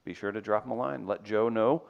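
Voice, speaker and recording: A man's voice: on the low side, fairly quick, gravelly, muffled recording. A man hosting a comedy podcast, teasing his co-hosts, laughing often and reading sponsor spots. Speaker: podcast host. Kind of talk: casual comedic podcast banter.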